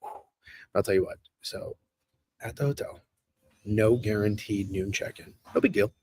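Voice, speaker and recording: A man's voice: lowish voice, normal speed, a little mellow, breathy edge, no room sound. Rambling, swearing man on a live stream. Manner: rambling, profane, reads chat aloud. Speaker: streamer host. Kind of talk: casual live-stream chat. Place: hotel room.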